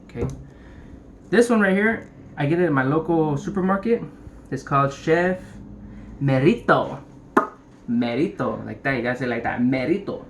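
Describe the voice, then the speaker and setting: A young man casually showing how to prep a brisket at home, rambling and cracking jokes as he works. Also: on the high side, expressive. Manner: joking, rambling, swears casually. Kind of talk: casual cooking demonstration. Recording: noisy room ambience.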